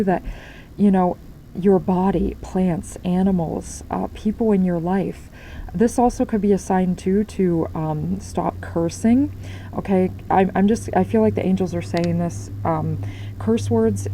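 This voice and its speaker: A woman's voice: lowish voice, dark tone, slight background noise, poor audio. A woman giving a spiritual tarot reading, talking in a rambling way with many fillers and restarts. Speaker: tarot reader.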